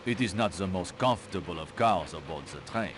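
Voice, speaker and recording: Game cast: a formal, reassuring railway official, fairly deep voice. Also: male voice, expressive, brisk, noisy background. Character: polite, anxious male railway official. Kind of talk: game voice acting. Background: game music.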